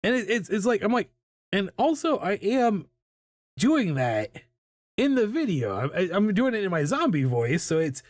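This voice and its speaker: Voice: mid-range voice, big pitch swings, normal speed, no room sound. An artist in their thirties chatting casually during a live drawing stream, rambling, repeating words and filling gaps with "like". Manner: chatty and self-deprecating, many fillers and repeated words, hums and laughs.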